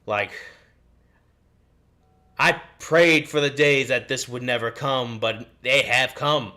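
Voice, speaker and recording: A podcast host in his 30s runs a live sports stream, ranting in a frustrated, rambling way, cursing and sighing. His mid-range voice has a sharp tone and an unhurried pace.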